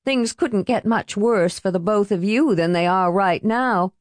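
A woman's voice: medium pitch, unhurried, no room sound, close to an everyday voice. A woman voicing a prim, tightly wound middle-aged woman who is defensive and scolding, in an audiobook reading. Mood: pleading.

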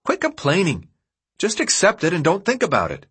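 A man's voice: high voice, wildly swooping pitch, normal speed, fairly bright tone, slightly rough, voice pushed up, full character voice. A man doing a sarcastic, snappy young boy. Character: sarcastic, blunt young boy, impatient and dismissive.

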